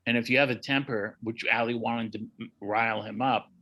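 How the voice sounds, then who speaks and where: A man, a boxing historian, telling animated anecdotes in a casual chat and acting out the quotes. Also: mid-range voice, brisk, poor audio.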